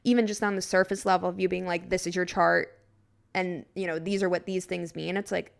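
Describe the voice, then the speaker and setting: Chatty woman with a gravelly edge. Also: lowish voice, little pitch movement, brisk. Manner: chatty, acts out her own past remarks in quotes. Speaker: podcast guest. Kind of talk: casual chat.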